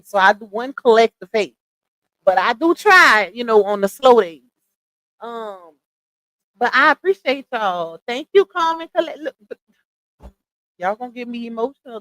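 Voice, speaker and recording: On a dry, low-quality recording, a woman with a fairly high voice runs a laid-back livestream. She warmly shouts out viewers by name, thanking them chattily and laughing.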